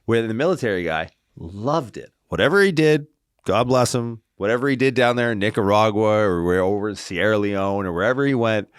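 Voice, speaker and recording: A man with a very deep voice talks as a podcast guest and clinician. His delivery is animated and casual, full of "like" and "right?", with the odd casual swear. The sound is dry, with no room in it. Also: no echo. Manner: animated, tags lines with "right?" and "like". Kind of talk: casual interview storytelling.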